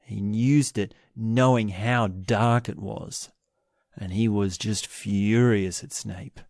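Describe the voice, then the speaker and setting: Male podcast host, low-pitched, unhurried, reflective book commentary, dry close sound. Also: fairly even intonation, a little mellow, dry recording. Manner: slow, reflective, halting with restarts.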